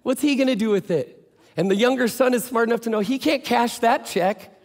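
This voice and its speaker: A man's voice: very high-pitched, a little fast. A male pastor giving a sermon in a casual, joking storytelling way. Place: church. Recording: echoey church hall.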